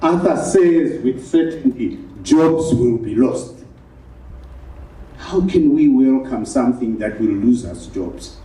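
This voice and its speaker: A man gives measured, reflective remarks at a book launch, speaking slowly in a very dark tone. He sits some distance from the mic, and his voice echoes through the hall. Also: medium pitch, animated. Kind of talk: prepared public remarks. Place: event hall in Harare.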